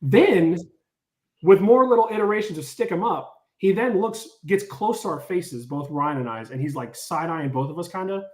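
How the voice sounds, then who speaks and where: A man casually telling a story, animated and full of filler words, acting out what people said. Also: high voice, normal speed, echoey room. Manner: animated, lots of "like", acts out quotes. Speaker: storyteller on a podcast.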